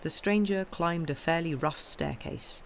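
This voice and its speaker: A woman reading a classic novel aloud on a live stream, with steady storytelling. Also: low-pitched, unhurried, creaky, a little hiss or hum. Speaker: audiobook reader.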